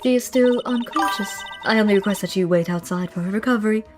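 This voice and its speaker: A woman voicing a calm older woman who leads a temple, speaking slowly and formally in a lowered voice. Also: faint music behind, lightly acted. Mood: solemn.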